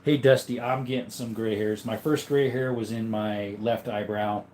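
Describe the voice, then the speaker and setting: A man's voice: on the low side, fairly even intonation, normal speed, a little mellow, roomy sound, slight background noise. A man hosting a casual livestream, rambling and chuckling as he reads out and answers chat comments. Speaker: livestream host.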